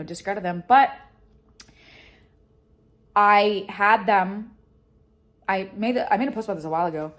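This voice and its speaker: A woman vlogger and education business founder talking candidly and emotionally about her life, swearing freely. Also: lowish voice. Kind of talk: candid personal vlog talk.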